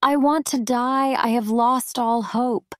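Give me an anguished young male prisoner, read by a woman in a learners' storybook who raises her pitch to plead slowly. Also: fairly even intonation, no room sound, clean studio sound. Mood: despairing. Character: desperate young male sailor imprisoned alone.

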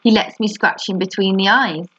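An eager young boy speaks up keenly, a little higher than the storyteller's own voice, as a woman reading aloud puts him on. He sounds bold and ready for fun. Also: moderate pace, a bit bright, breathy edge, poor audio.

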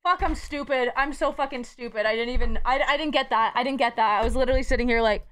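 A woman's voice: on the high side, fast talker, fairly bright tone, clean tone. A woman streamer chatting casually with her live audience, bubbly and giggly and swearing freely.

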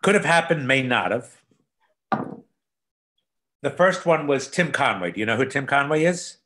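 A man's voice: mid-range voice, normal speed. Man telling show-business anecdotes. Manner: animated storyteller, drops to soft asides. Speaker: guest.

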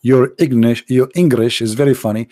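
A man's voice: medium pitch, fairly even intonation, moderate pace, dark tone, no room sound, clean studio sound. A man hosting a heated call-in debate show, speaking non-native English with broken grammar in a mocking, sarcastic way and calling his opponent "brother" again and again. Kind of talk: heated live debate with callers.

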